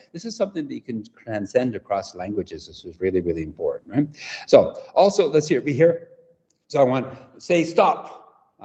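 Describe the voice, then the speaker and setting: A man's voice: mid-range voice, dark tone. A man presenting an interactive workshop for English teachers, demonstrative and often checking in with the audience. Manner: demonstrative, keeps checking in with "right?". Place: conference venue away from home. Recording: echoey hall, dull lo-fi sound.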